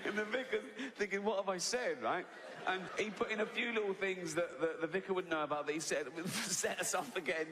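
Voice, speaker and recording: A man's voice: a little high, very noisy. A man in his sixties with an English accent, telling a long stand-up anecdote in a chatty way, often asking "right?" and swearing. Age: 60s. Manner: chatty anecdotal delivery, peppered with "right?" and swearing, laughs at his own story. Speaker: stand-up comedian. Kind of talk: stand-up storytelling. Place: stage in a large hall with a live audience. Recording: reverberant hall, audience ambience.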